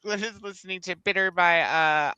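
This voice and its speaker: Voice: mid-range voice, pushed and bright, smooth, no room sound, lo-fi sound. A host, chatting casually and giggling through stories on a reading livestream. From Texas. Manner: giggly, storytelling, quick asides.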